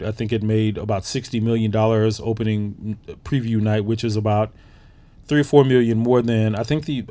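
A man's voice: fairly low pitch, darkish tone. A man hosting a podcast, giving a casual, enthusiastic movie review full of fillers and restarts. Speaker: podcast host.

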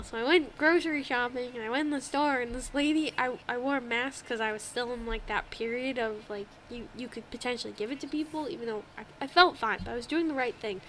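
Brief: young woman co-host, high voice, animated and laughing, faint hiss behind. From New England, US. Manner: animated, laughs often, acts out quoted voices. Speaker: podcast co-host. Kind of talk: casual chat.

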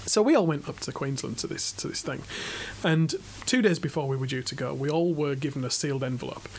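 A man's voice: on the high side, brisk, a little hiss or hum. An English man with a Yorkshire accent, co-hosting a casual podcast, chatty and laughing often at his own jokes. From England. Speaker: podcast co-host. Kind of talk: casual chat.

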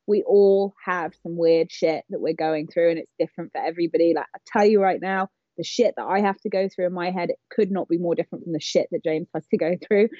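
A woman's voice: lowish voice, warm tone, no room sound, lo-fi sound. A woman co-hosting a fitness podcast, speaking frankly and swearing casually. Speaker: podcast co-host, fitness coach. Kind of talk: casual chat.

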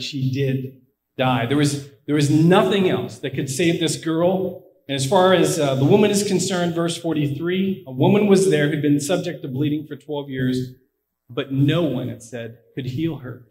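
A man preaching a conversational sermon, retelling a story with asides and acting out the quoted lines. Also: fairly high pitch. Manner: frequent asides and fillers like "I mean" and "you know". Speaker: pastor. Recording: echoey room.

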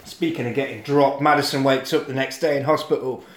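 A man recapping a film on a comedy podcast, animated and sweary, breaking into shouted voices of the characters. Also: medium pitch, brisk, echoey room.

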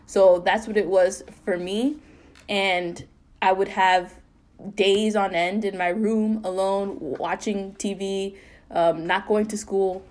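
A young woman co-hosting a podcast, telling a painful personal story in an earnest, halting way full of fillers and restarts. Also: mid-range voice, fairly even intonation, a little mellow. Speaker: podcast co-host.

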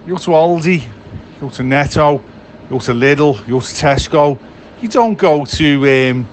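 A man's voice: a little high, slight background noise. A man rambling crudely and jokily in a voice note, sitting outdoors on a city bench. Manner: crude, jokey, sweary.

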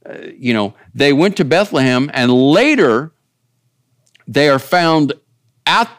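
A pastor giving a relaxed, chatty sermon, his voice rising and falling freely as he wanders from point to point. He keeps checking in with his listeners. The sound is close and dry. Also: fairly high pitch, takes it slowly, no echo. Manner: folksy, rambling, asks the audience. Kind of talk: conversational sermon.

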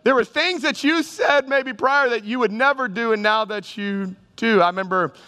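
A man's voice: very high voice, moderate pace, pushed and bright. A male pastor preaching a sermon with humor, calling out to his congregation. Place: church sanctuary. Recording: reverberant church hall.

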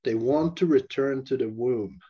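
Husky man rambling on a dull line. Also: medium pitch, unhurried. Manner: rambling, laughs often, mocking voices when quoting. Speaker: guest. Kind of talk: casual conversation. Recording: dull lo-fi sound.

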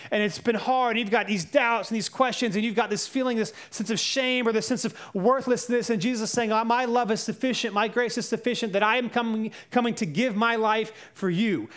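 High-voiced young pastor preaching. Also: male voice, a bit bright. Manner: conversational preaching with personal anecdotes. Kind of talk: sermon.

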